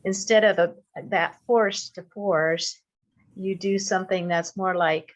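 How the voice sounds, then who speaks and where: A woman in a church class sharing a thoughtful comment, measured with pauses. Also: on the low side, fairly even intonation, rough recording. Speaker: class participant.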